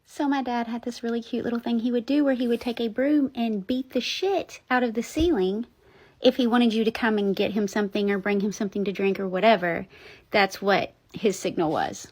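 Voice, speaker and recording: A young woman, telling her own ghost stories in a blunt, animated, casual way and swearing freely. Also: a little high, brisk. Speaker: paranormal storyteller. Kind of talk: casual storytelling.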